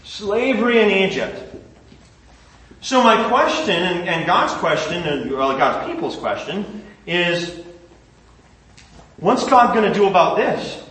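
A man leading a Bible lesson, storytelling in a lively, conversational manner. His voice sits high, and the room around him is echoey. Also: slow pace, pauses often. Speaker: Bible teacher.

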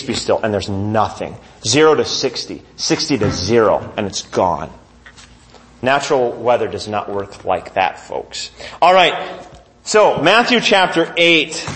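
Male pastor, sermon delivery, high and expressive voice. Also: a little hiss or hum. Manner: animated preaching, reading scripture aloud and asking the congregation questions.

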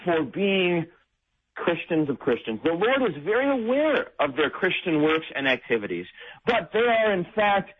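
A man who is a pastor, talking as a guest on a radio show, making his point deliberately and building toward it. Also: high-pitched, very animated, husky, phone-quality sound. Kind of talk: conversational Bible discussion.

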